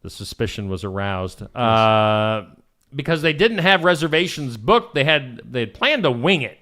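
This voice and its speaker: A man's voice: medium pitch, big pitch swings, moderate pace, pushed and bright. A man with a Midwestern American accent co-hosting a morning show, reading news stories aloud with joking asides. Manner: reads news items aloud with asides and laughs. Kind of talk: casual radio news chat.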